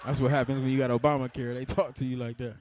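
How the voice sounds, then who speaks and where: A man's voice: medium pitch, little pitch movement, quick pace, background noise. A young adult man performing stand-up comedy. He talks in a laid-back way and keeps laughing at his own jokes.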